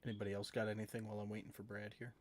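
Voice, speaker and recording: A man narrating a tabletop game as game master, relaxed and casual, over an online call. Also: on the low side, rapid-fire, a little hiss or hum.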